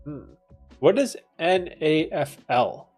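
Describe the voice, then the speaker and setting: A young man from Canada hosting a casual livestream, reading chat and joking, laid-back with loud bursts of laughter and swearing. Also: on the high side, lively intonation, slow, slightly rough, soft background music. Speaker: livestream host answering chat.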